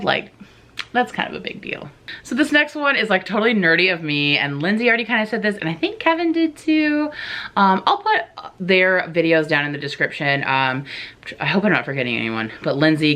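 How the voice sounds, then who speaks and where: Low-voiced chatty woman vlogger. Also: a bit bright. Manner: chatty, rambling, many "like" fillers; self-mocking, enthusiastic. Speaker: writer vlogger. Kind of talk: casual chat to camera.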